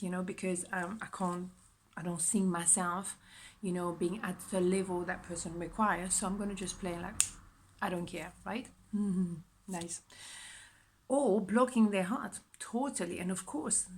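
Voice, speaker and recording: Woman reading tarot to camera, husky morning voice, chatty and emphatic. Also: mid-range voice. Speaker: tarot reader.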